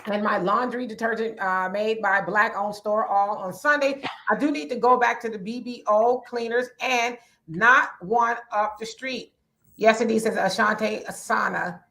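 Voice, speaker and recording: A woman with a raspy voice co-hosting a casual livestream chat, reading viewer comments aloud and answering them in a conversational way. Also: fairly high pitch, steady tone, unhurried, a bit bright, slight background noise. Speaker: livestream co-host.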